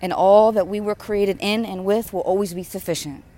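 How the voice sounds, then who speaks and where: Her voice is warm and medium-pitched, with fairly even intonation and a moderate pace. The woman preaches an impassioned spiritual sermon, rhythmically repeating phrases with increasing fervor.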